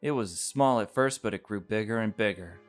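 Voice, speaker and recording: Man reading as a frank, gentle glass princess. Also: lowish voice, moderate pace, soft background music, close to an everyday voice. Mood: quiet. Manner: calm, frank and kind. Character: gentle but bold young glass princess.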